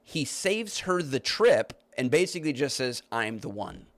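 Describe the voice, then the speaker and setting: A man's voice: mid-range voice, very animated, unhurried, fairly bright tone. A man hosting a podcast, arguing his point and rebutting comments he reads aloud, with many restarts. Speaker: podcast host. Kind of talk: live-stream commentary reading comments.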